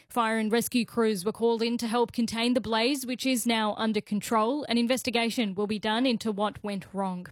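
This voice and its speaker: A woman reading a radio news bulletin in a measured, formal way. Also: a little high, no room sound. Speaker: newsreader.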